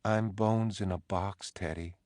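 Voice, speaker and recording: A man reading aloud, voicing a ghostly dead wife in a soft, hushed, pleading way. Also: sits low, fairly even intonation, a little slow, dry recording, studio quality, voice pushed up. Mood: haunting. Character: ghostly dead wife, woman, haunting and insistent.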